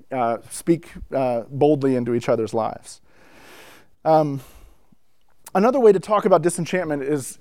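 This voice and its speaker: A man giving a conversational teaching talk to church musicians, telling stories with lots of asides and building the excitement as he goes. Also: on the high side, no echo, studio quality. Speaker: speaker addressing church musicians. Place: indoor room with a whiteboard.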